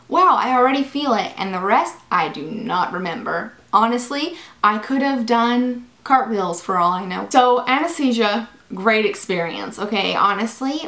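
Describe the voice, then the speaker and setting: A woman's voice: a little high, roomy sound. A young woman vlogger telling a personal story in a chatty, casual way, full of fillers. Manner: chatty, animated, lots of fillers.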